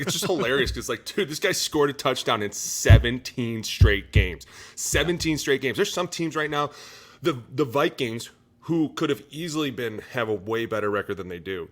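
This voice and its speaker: Male co-host, former lineman, forceful bright tone, animated and crude. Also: medium pitch. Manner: animated, profane, acts out voices. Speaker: former NFL offensive lineman, podcast co-host. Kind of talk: casual sports chat.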